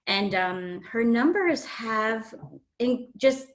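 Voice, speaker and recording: A woman guest shares a personal testimony in an earnest, emotional way, often pausing with fillers. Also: a little high, animated.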